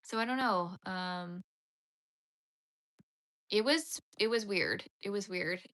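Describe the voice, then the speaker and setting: Bright-voiced Canadian woman telling a story. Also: medium pitch, takes it slowly. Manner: rambling, animated retelling with quoted voices. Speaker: crochet livestream host. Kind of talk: casual storytelling chat.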